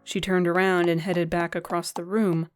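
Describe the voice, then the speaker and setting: A woman narrating a fan-fiction story in a gentle, even reading style. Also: on the low side, moderate pace, soft background music.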